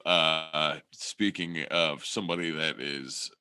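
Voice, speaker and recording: A man's voice: very deep voice, steady tone, takes it slowly, very noisy. A man co-hosting a podcast in casual chat, rambling and swearing a lot, often restarting his sentences. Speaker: podcast co-host.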